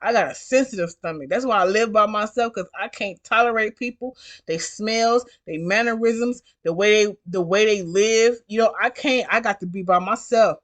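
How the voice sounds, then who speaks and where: A woman's voice: medium pitch, moderate pace, few pauses. A woman who drives for a rideshare service, telling a story in a vlog in a blunt, emphatic way and repeating herself for stress.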